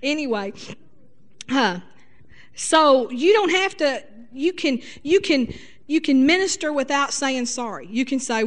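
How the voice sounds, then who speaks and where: A middle-aged woman preaching a sermon in a lively, folksy way, sprinkling her talk with hallelujahs. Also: high voice, measured pace.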